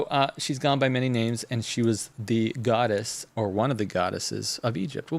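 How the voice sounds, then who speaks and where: A man hosting a live stream, talking fast and rambling with many restarts as he comments on a clip. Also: mid-range voice, no echo. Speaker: host.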